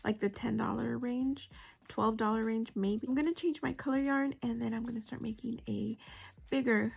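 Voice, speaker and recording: A woman's voice: on the high side, steady tone, moderate pace, creaky, a little mellow, slightly rough. A woman chatting casually in her home kitchen while she vlogs about crochet, with giggles and self-mocking asides. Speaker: crochet vlogger. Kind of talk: casual vlog chat.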